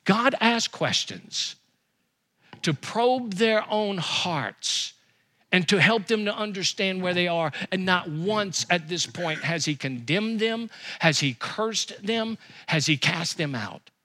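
A man preaching a sermon as pastor, with emphatic repetition and quick rises and drops. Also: sits high, animated, bright, forceful tone.

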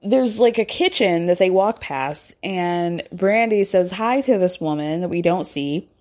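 A woman's voice: lowish voice, lively intonation, unhurried, a little mellow. A woman casually recapping reality TV, chatty and gossipy, laughing often and acting out quotes. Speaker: podcast host recapping reality TV. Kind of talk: casual chat.

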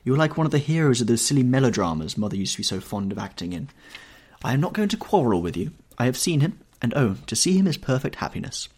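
A dreamy young actress swept up in love, as a male narrator puts her on. The voice sits well above his own and floats up and down in breathless, rapturous phrases. A husky grain runs underneath. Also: medium pitch, very animated, fast, a little mellow, pitched above the performer's own voice. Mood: coaxing. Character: young woman actress, lovestruck and gushing. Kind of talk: audiobook character voicing.

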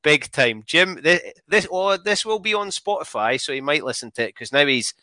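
A man's voice: fairly high pitch, lively intonation, moderate pace, pushed and bright, no echo. A man hosting a casual chat, upbeat and reading out listener messages. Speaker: host.

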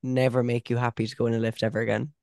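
A man's voice: mid-range voice, level tone, very fast, vocal fry, a little mellow, dry recording. A young man chats bluntly and swears freely in casual talk. The recording is dry and close. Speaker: podcast co-host. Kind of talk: casual chat.

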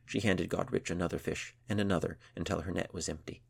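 Deep gravelly male storyteller. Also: fairly even intonation, fast. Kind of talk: scripted narration.

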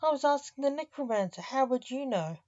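A woman's voice: fairly high pitch, expressive, moderate pace, dark tone, no room sound, muffled recording, voice pushed up, natural voice. A woman voicing a cheeky masked chicken that chirps and teases. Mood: chirpy. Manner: chirping, teasing.

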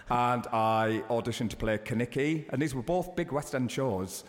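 A man in his thirties talks casually as an interview guest, spinning stories with animated leaps in pitch. His voice carries a long reverb tail, as if recorded in a hall. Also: moderate pace. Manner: chatty, animated storytelling with sudden high bursts.

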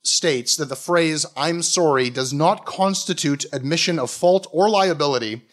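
Man from canada, deadpan sarcastic comic lecture, a bit high-pitched. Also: moderate pace. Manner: sardonic, mock-academic. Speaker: comedic lecturer. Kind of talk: stand-up style comic talk.

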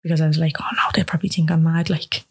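A woman's voice: deep voice, level tone, rapid-fire, slightly rough. A young woman telling a personal story in an interview, rambling with many fillers and acting out dialogue.

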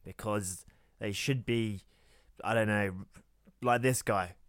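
A man's voice: on the low side, steady tone, slow, a bit bright, no room sound. A man co-hosting a podcast, adding dry sarcastic quips in casual political chat. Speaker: podcast co-host.

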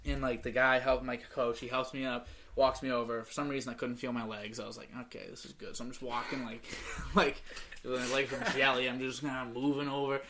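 A man's voice: medium pitch, level tone, fairly quick, sharp tone, slight background noise. A young man hosting a podcast, telling a long story in a casual, rambling way with lots of fillers. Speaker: podcast host.

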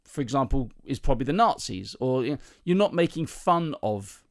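Gravelly-voiced man telling comic stories. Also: medium pitch, lively intonation, dry recording, studio quality. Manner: chatty anecdotal storyteller, self-mocking, halting with ums. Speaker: comedian and podcast host. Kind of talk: casual storytelling chat.

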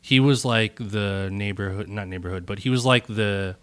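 Low, relaxed man in his thirties; podcast guest telling stories, drifting quiet at phrase ends. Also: moderate pace. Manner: laid-back, trailing off into a soft low voice, frequent "like". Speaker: music producer guest. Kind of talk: casual storytelling in a podcast conversation.

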